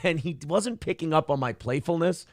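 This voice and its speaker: Animated, sarcastic male podcast co-host. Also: on the high side, normal speed, dry recording, studio quality. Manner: sarcastic, animated storytelling with mocking voices. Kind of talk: casual chat.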